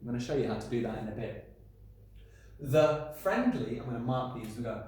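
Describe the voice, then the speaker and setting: Lively male teacher in an echoey classroom. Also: mid-range voice, brisk. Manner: animated, playful, asking pupils questions and clapping out syllables. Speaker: primary school teacher. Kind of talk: recorded classroom lesson to children. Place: classroom by a whiteboard. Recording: echoey room.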